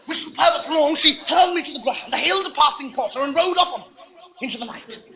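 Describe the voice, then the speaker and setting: A man's voice: very high-pitched, animated, fast talker, pushed and bright, exaggerated voice. A man playing a dreamy young Cambridge student, lyrically recalling a romantic evening in a comic monologue on an old record. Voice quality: wistful, mock-lyrical. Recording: vinyl record with hiss.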